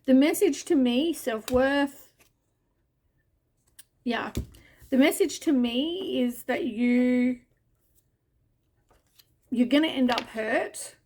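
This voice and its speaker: A woman reads tarot cards in a casual, chatty way, speaking to the listener as "you". Her voice sits a little high, and she takes her time, with unhurried pauses between thoughts. She mixes mild swearing and offhand asides into the reading. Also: darkish tone, slight background noise. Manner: addresses the listener directly as you. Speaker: tarot reader.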